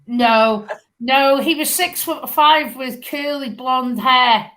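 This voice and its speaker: A woman's voice: high-pitched, slow pace, sharp tone. A woman from Wales, a comedian on a panel over a video call, joking boisterously and playfully.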